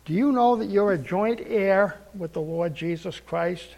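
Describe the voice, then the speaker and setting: An older man preaching a testimony in a fairly high voice with a gravelly edge. He tells his story earnestly, repeats phrases for weight and acts out the lines he quotes. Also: a little slow, darkish tone. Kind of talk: sermon testimony.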